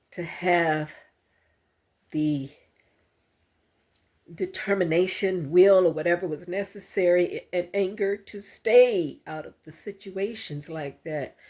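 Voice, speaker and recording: Slow, husky-voiced older woman vlogger. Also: lowish voice, darkish tone. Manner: slow, halting, heartfelt. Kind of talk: emotional personal testimony to camera.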